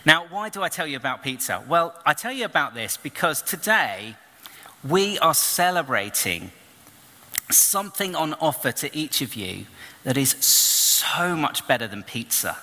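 Male preacher, bright forceful voice, animated storyteller, reverberant church hall. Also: fairly high pitch, a little slow. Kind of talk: storytelling sermon.

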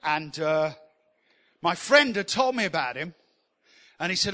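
A man preaches, his voice high and bright as he tells funny, self-deprecating stories. The sound carries a long reverb from the church hall around him. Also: measured pace. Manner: humorous, self-deprecating, animated. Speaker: pastor. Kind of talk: sermon with storytelling.

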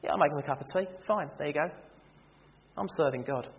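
A man preaching a sermon, animated and humorous, acting out everyday scenes to make his point. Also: on the high side, fast talker. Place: church. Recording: reverberant church hall with faint noise.

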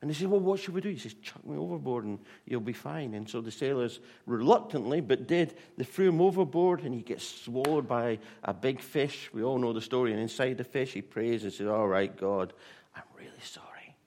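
Animated male preacher. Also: medium pitch, brisk, few pauses. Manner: animated storytelling with fillers and restarts. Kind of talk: sermon.

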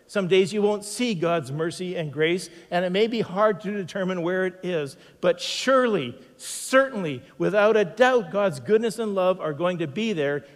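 Guy preaching a sermon, pretty high voice, slows way down on the big lines, echoey hall. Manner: emphatic, slows down for repeated phrases. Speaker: pastor.

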